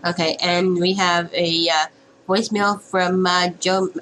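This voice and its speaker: A woman's voice: lowish voice, little pitch movement, unhurried, fairly bright tone, slight background noise, poor audio. A woman co-hosting a podcast in a laid-back, casual chat. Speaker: podcast co-host.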